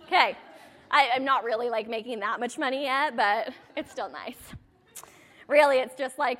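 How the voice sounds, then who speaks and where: Woman, 30s, high-voiced direct sales coach, rambling and self-deprecating. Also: moderate pace, fairly bright tone. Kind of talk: motivational talk to an audience.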